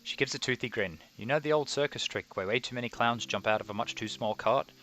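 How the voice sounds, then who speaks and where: A man voicing a brash, quick-tempered young female circus performer, read aloud over a game. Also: medium pitch, fairly bright tone, soft background music, lightly acted. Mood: cheerful. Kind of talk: reading game dialogue aloud.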